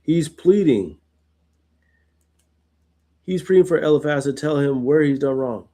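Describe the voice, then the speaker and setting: A man's voice: a little high, measured pace, warm tone. A man hosting a Bible study who reads verses aloud and then explains them informally, often asking "right?". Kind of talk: reading scripture aloud with casual commentary.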